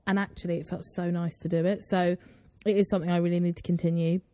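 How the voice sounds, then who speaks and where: A woman's voice: on the low side, little pitch movement, fast talker, warm tone, no echo. A woman, co-hosting a podcast in casual chat, telling stories and laughing often. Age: 20s. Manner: chatty storyteller, laughs often. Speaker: podcast co-host.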